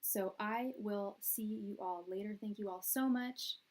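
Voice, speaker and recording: A woman hosting a tarot live stream from a room at her parents' house, chatting in a soft, soothing voice with many fillers and restarts. Her audio comes through quiet and low. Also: a little slow, poor audio. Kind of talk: casual live-stream chat. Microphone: quiet, low-level live-stream audio.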